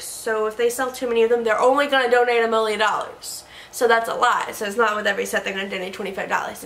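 A woman's voice: fairly high pitch, bright, forceful tone. A woman chatting casually as she reviews products, playful and joking, often correcting herself. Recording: echoey room.

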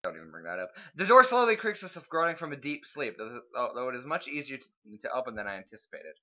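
A man's voice: medium pitch, very animated, fast talker, bright, forceful tone, muffled recording. A man reading visual novel narration aloud during a casual let's play, laughing between lines.

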